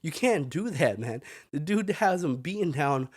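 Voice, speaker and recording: A man's voice: fairly high pitch, expressive, unhurried, a little mellow, breathy edge, dry recording, studio quality. A man hosting a podcast, giving casual, opinionated sports commentary that rambles and keeps throwing in "man". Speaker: podcast host.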